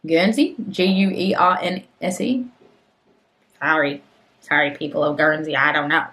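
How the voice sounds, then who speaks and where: A woman's voice: low voice, fairly even intonation, normal speed, a bit bright, low-quality recording. A young Australian woman in a casual vlog, chatty and self-mocking, reading website text aloud and drifting into muttered asides. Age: young adult. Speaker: vlogger.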